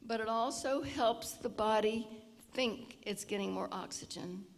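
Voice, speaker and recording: Gravelly woman telling a story in a talk, keeps clearing her throat, echoey hall. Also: a little high, unhurried. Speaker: health presenter at a seniors' event. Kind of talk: informal lecture with storytelling. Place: church hall. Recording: long reverb of a large hall.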